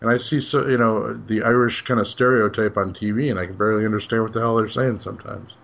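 Low-voiced laid-back podcast host. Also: male voice, steady tone, fast talker, gravelly, fairly bright tone. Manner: laid-back, chuckling, trailing off with "so". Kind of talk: casual podcast chat.

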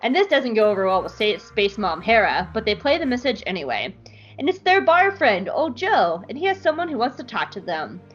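A woman's voice: a little high, big pitch swings, fairly quick, husky, muffled recording, faint music behind. A woman hosting a podcast who recaps an episode in a playful, giggly, casual way. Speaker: podcast host.

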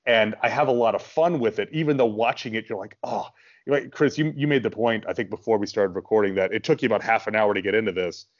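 A man co-hosting a podcast, chatting casually about films and working through his points out loud. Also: lowish voice, quick pace, highs cut off. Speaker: podcast co-host. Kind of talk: casual film discussion.

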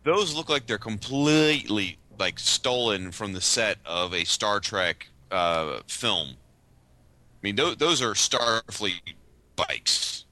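A man co-hosting a casual podcast chat, hesitant and thoughtful, with many pauses and ums. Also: lowish voice, expressive, sharp tone, no echo. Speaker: podcast co-host.

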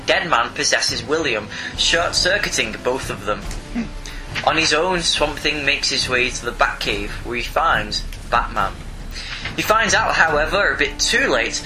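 A man's voice: medium pitch, low-quality recording. Laid-back man summarizing comics over music. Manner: laid-back, laughs easily. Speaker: podcast co-host. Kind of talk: casual chat and plot summary.

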